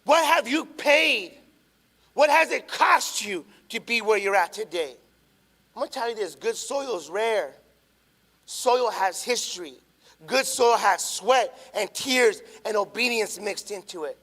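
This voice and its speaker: A pastor in his thirties preaching a sermon in a high, bright voice. He drops to quiet, almost conversational asides, then builds to loud, urgent appeals. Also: expressive, unhurried.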